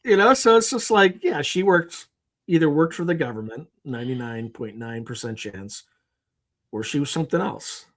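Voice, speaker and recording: A man's voice: fairly high pitch, normal speed. A man talking as a podcast guest, telling anecdotes with animation and acting out other people's lines. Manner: animated storyteller who acts out quotes. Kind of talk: conversational interview.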